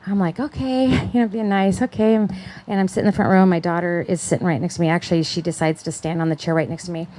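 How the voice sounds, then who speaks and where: A middle-aged woman giving a personal testimony at an indoor gathering, telling her story with lively acted-out quotes and laughter. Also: on the low side, racing. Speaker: conference speaker. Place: indoor event hall.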